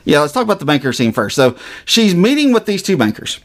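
A man's voice: a little high, big pitch swings, fast talker. A man, co-hosting a podcast and casually recapping a TV episode in a rambling way, with many fillers and restarts. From Southern US. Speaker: podcast co-host.

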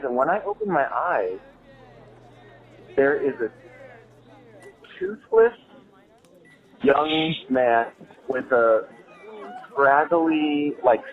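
A man telling a story in a casual, animated way, laughing as he goes and swearing freely. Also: mid-range voice. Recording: tinny phone-like sound with faint music.

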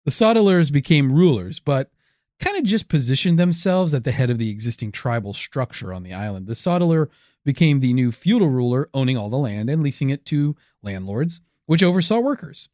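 A man's voice: mid-range voice, sing-song, brisk, a little mellow, dry recording, studio quality. A man co-hosting a comedic history podcast, telling the story with wry, teasing asides. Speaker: podcast co-host.

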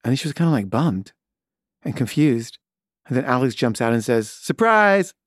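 A man's voice: mid-range voice, fairly quick, a little mellow, breathy edge, no room sound, studio quality. A man telling a personal story about being a parent, in a chatty way with many fillers and restarts.

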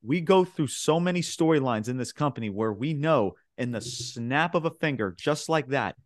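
A man's voice: mid-range voice, lively intonation, moderate pace, dry recording, studio quality. A man co-hosting a podcast, recapping wrestling in loose, rambling casual chat full of filler words, acting out what people said. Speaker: podcast co-host.

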